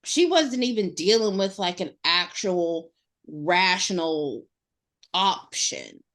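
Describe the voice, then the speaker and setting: A woman's voice: fairly low pitch, animated, takes it slowly, a bit bright. A woman co-hosting a podcast in casual chat, rambling with lots of fillers and restarts. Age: adult mother. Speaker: podcast co-host.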